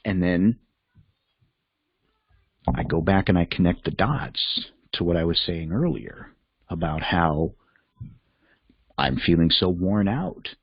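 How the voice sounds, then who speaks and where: A man's voice: low-pitched, animated, takes it slowly, pauses often, breathy edge, no room sound, lo-fi sound. A man hosting a reflective self-help talk, candid and conversational, thinking aloud as he goes. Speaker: podcast host and life coach.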